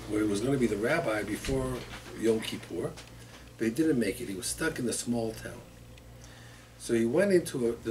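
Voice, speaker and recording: A man teaching as rabbi in a weekly Torah class, telling stories in an animated way with frequent repetitions. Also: medium pitch, slight background noise. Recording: distant mic in a room.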